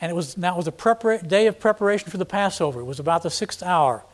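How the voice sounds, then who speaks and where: A man delivers an expository sermon, reading a passage and then explaining it in blunt, everyday words. He acts out the quoted speakers with sudden bursts of volume. His voice sits a little higher than most men's. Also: racing. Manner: reads scripture then explains in plain, blunt paraphrase; dramatic, acting out quoted speakers with sudden loud emphasis. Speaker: preacher.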